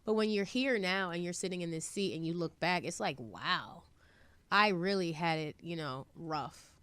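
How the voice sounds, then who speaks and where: Animated woman, lively storyteller. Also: on the low side, moderate pace, clean tone, no echo. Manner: animated, acts out quoted voices. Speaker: guest, trucking entrepreneur. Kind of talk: casual interview chat.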